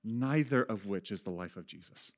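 Preaching as a pastor, a man speaks in a lowish, expressive voice at a moderate pace. He keeps things conversational, frequently laughs at his own expense, and moves from soft, hushed passages to loud outbursts.

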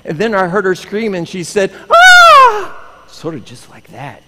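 A middle-aged man with a fairly high, very lively voice tells a children's story in church, playful and animated. His voice rings with a long echo in a large sanctuary, with faint room noise behind. He acts out the story as he tells it. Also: normal speed. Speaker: pastor giving a children's story.

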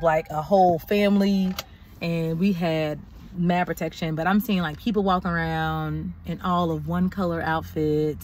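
A woman's voice: lowish voice, steady tone, unhurried, a little hiss or hum. A young woman vlogging and telling a story in a casual, exasperated way, venting with slang. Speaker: doctoral student vlogger.

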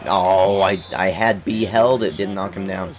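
A young man giving casual, excitable let's-play commentary on a basketball game, coughing now and then while getting over an illness and trash-talking the players on screen. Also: low voice, a little slow. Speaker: gaming YouTuber.

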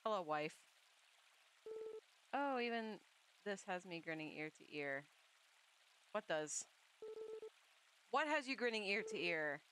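A woman's voice: fairly low pitch, lively intonation, measured pace, pauses often, fairly bright tone, a little hiss or hum. A young woman streamer chatting casually while playing, swearing, laughing and reading game lines aloud. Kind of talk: casual gameplay chat.

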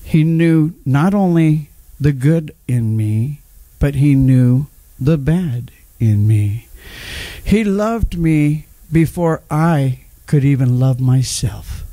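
Slow-preaching middle-aged male pastor. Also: fairly high pitch, mellow, no room sound. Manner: personal testimony, emphatic, calls on the congregation. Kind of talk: sermon.

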